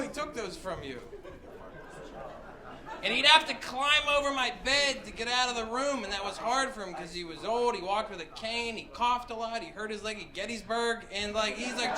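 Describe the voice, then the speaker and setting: High-voiced young man doing stand-up. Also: poor audio. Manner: animated storytelling, jumps into loud high-pitched voices for characters. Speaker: stand-up comedian. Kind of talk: stand-up comedy set. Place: comedy club stage. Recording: live club with crowd laughter. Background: audience laughing.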